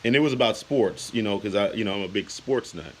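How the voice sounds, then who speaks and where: A man's voice: lowish voice, fast, low-quality recording. A man in his late thirties ranting on a casual vlog, heated and repetitive, with lots of "you know" and "man.". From United States. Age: 30s. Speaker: YouTuber.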